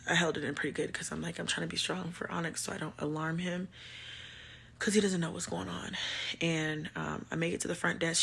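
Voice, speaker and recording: A woman vlogger telling a personal story to her viewers, halting with many pauses and fillers, shaken and emotional. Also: low voice, vocal fry, a bit bright, slightly rough.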